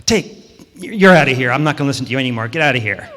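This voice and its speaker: A man's voice: mid-range voice, lively intonation, fast talker, natural voice. A man voicing a weary male apple farmer who mutters and grumbles to himself. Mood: fed up. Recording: long hall reverb.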